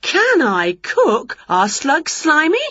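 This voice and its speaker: A woman voicing an excitable, chatty, boastful witch in a storybook reading, on a dull lo-fi recording. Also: high voice, slow, no echo, voice pushed up, full character voice.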